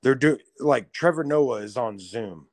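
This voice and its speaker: A man's voice: medium pitch, animated, a little slow, a little mellow, no echo. A man co-hosting a podcast, ranting bluntly and profanely in casual chat. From United States. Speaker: podcast co-host.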